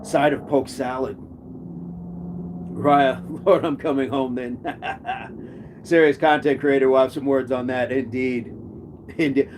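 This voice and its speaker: A man with a medium-pitched voice hosts a casual live chat, reading viewers' comments aloud and riffing on them with jokes. There's a little hiss or hum in the audio.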